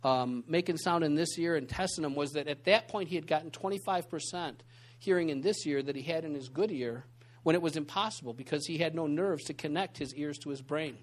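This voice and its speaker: Guy with a pretty high voice giving a laid-back sermon, storytelling, lots of asides. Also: a little fast. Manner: conversational, animated storytelling with many asides. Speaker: pastor teaching a church group. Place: church meeting room.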